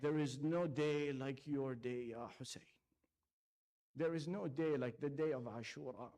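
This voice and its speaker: A man giving a solemn sermon, telling a story and voicing the people in it, with drawn-out recitation. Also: mid-range voice, dark tone. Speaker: speaker at a religious gathering. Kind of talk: sermon narration.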